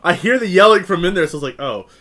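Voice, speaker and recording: A man's voice: high-pitched, racing. A young man co-hosting a podcast, chatting casually, laughing often and retelling a story with repeated words. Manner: lively, laughs a lot, repeats words and restarts. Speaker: podcast co-host. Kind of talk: casual chat. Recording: podcast mic, shared room.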